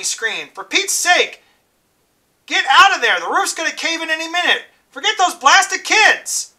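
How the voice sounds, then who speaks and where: A man teacher reading a novel aloud to a class in a plain, unhurried way, stumbling now and then. He is heard from some distance away from the mic. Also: sits high, pushed and bright.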